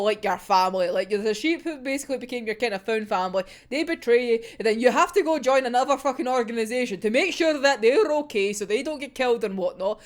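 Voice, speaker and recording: A young woman in casual, sweary reaction chat, giggling often as she talks. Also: sits high. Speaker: manga reaction vlogger.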